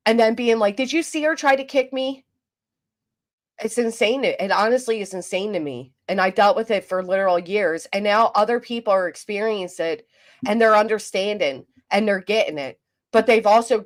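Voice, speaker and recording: A woman hosting a commentary livestream, venting in an exasperated, rambling way with frequent restarts and reading chat aloud. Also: medium pitch. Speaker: commentary channel host.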